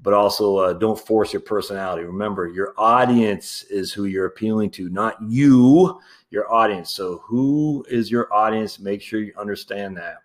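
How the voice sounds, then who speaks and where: Male podcast host, lowish voice, casual, candid solo rambling with fillers and light chuckles. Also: moderate pace. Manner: rambling and candid, with many fillers and restarts, calling listeners "my friends"; laughs easily while talking.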